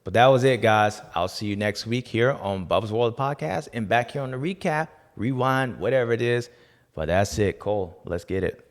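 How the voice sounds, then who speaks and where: A man's voice: animated, normal speed. Playful, slangy man hosting in an echoey room. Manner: playful, jokey, slangy, swings between loud bursts and low asides. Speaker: podcast host. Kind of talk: casual race recap chat.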